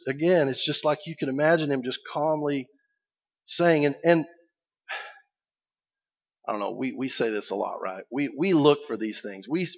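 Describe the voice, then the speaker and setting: Male pastor, mid-pitched, talking a sermon plainly, dull lo-fi recording. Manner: conversational, reflective preaching.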